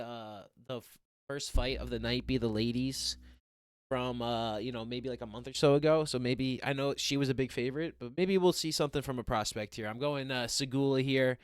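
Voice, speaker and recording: A young man talking through fight predictions in a loose, rambling way, full of fillers and restarts. His voice is smooth and clear, with a mid-range pitch. The sound is dry and close. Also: no echo. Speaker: MMA picks podcaster. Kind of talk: casual fight preview and predictions.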